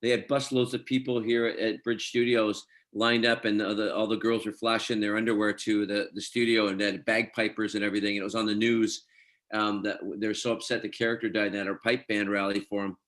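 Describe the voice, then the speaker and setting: Speaking fairly quickly in a lowish voice, this middle-aged actor from Scotland tells stories during a relaxed interview. He animatedly performs the lines of others as he quotes them.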